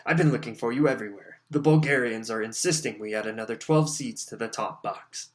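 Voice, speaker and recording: A man's voice: lowish voice, normal speed, a bit bright, lightly acted. A man voicing a stiff, precise elderly official in an audiobook, speaking in a clipped, dry, impatient manner. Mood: curt.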